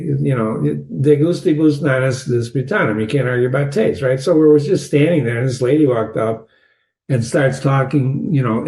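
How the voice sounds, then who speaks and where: A man hosting a literature channel, casually analyzing a short story with digressive anecdotes, wry asides and quick laughs. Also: medium pitch, dark tone. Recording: echoey room.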